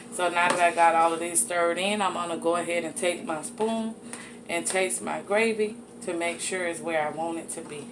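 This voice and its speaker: A woman hosting a cooking show, chatty and folksy as she talks viewers through a recipe in her home kitchen. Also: fairly low pitch. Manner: folksy, chatty, addresses viewers as y'all and honey. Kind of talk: casual cooking demonstration. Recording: audible background noise.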